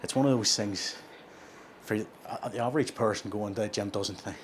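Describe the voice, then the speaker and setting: A man's voice: fairly low pitch, a little fast, slight background noise. A man, chatting casually between sets in a gym and rambling through his explanations with plenty of self-corrections. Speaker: gym vlogger.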